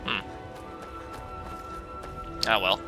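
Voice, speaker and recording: A man's voice: extremely slow, over music. A man hosting a gaming video, giving rambling, wry commentary with jokey asides as he plays. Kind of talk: casual let's-play commentary.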